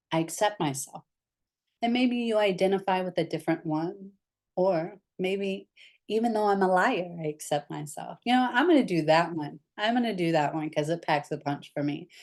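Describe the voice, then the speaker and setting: A woman leading a somatic therapy lesson, candid and gentle, often speaking softly as she guides the group. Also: low voice.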